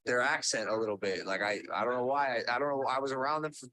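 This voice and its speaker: A man's voice: medium pitch, quick pace, pushed and bright. A man hosting a podcast, chatting loosely and profanely, poking fun at himself. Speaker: podcast host. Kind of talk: casual podcast chat.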